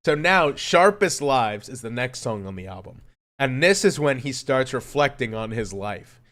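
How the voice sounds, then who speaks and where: Casting note: male streamer, mid pitch, rambling casual chat, heavy swearing, loudness all over the place. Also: moderate pace. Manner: rambling, profane, animated swings in loudness. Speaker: streamer reacting to music.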